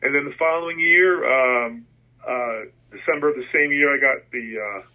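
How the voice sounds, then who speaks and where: A middle-aged man from New Jersey telling stories in a casual interview as a guest, rambling with many restarts and animated when quoting himself. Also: mid-range voice, moderate pace. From New Jersey, USA. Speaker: guest, concert photographer. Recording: phone-like line, husky.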